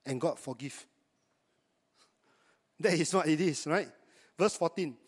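A man's voice: a little high, unhurried, breathy edge, in a large hall. A man, preaching a sermon to his congregation in a conversational way and often asking them rhetorical questions. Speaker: pastor.

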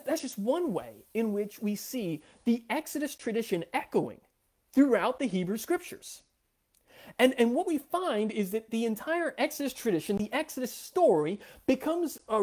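A woman's voice: medium pitch, darkish tone. Woman lecturing on scripture, with fillers. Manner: thoughtful, with frequent fillers and restarts. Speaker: biblical studies lecturer. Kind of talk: explanatory lecture.

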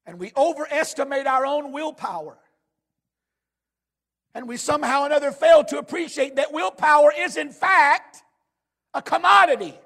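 A man preaching a sermon as pastor, swinging from shouted emphasis to hushed, low tones. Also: moderate pace, gravelly, pauses often.

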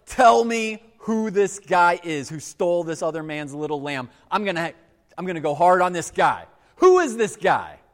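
A rash, self-serving biblical king, played by a man in a sermon speaks in breezy, modern, casual phrasing. His voice swings widely in pitch and echoes with a long reverb in a large hall. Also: expressive, moderate pace, natural voice. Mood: outraged.

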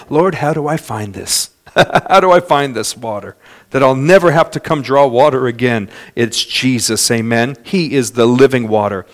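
A man preaching a sermon as pastor, swinging between loud, fast passages and soft, slow ones, and telling stories in others' voices. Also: mid-range voice. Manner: dynamic preaching with wide swings in loudness and pace; storytelling with imitated voices of others.

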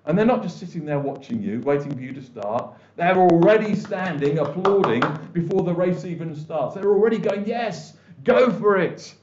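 A man's voice: a little high, animated, fairly quick, few pauses, darkish tone. Man preaching in an echoey hall. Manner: conversational, with many restarts and quoted voices. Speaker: pastor. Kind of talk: sermon. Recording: echoey, dull church recording.

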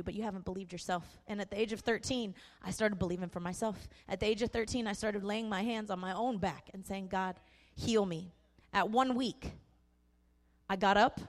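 Earnest woman preaching in echoing hall. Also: medium pitch. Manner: earnest, impassioned preaching with emphatic repetition. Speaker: pastor. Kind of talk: sermon testimony. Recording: echoey hall.

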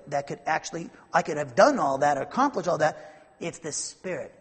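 Male preacher, high husky voice, rambling Bible teaching that builds to fervor. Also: in a large hall. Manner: rambling, repeats and restarts, builds to emphatic fervor. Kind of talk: conversational Bible-teaching sermon.

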